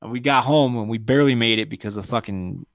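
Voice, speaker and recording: A man's voice: mid-range voice, quick pace, creaky, no room sound, dull audio. A man with a mid-range voice tells a crude, swear-heavy story in casual podcast chat, laughing often. The sound is dry and close, with no room around him. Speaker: podcast co-host.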